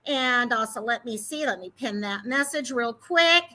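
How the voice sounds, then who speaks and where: A woman's voice: on the high side, expressive, moderate pace, sharp tone, low-quality recording. A woman hosting a casual livestream, chatty and rambling as she greets viewers by name. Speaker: livestream host.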